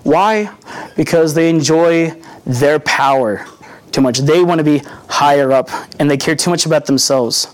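A young man delivers a sermon in a slightly higher-pitched voice. He keeps it earnest and conversational, teaching more than proclaiming, and slips into little acted-out quotes along the way. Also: measured pace. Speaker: preacher.

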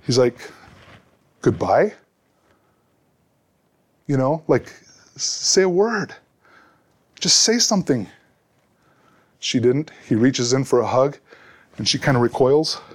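A middle-aged man preaching a sermon as a pastor, earnest and often repeating words as he restarts. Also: mid-range voice.

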